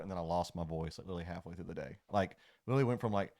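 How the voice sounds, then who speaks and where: Man, 30s, lowish voice, deadpan jokester at the game table. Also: racing, hardly any pauses. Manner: joking, deadpan teasing. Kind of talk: casual chat.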